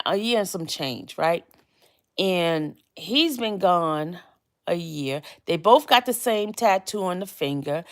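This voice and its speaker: A woman hosting a casual live stream, chatting in a rambling way and often repeating phrases. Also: on the low side.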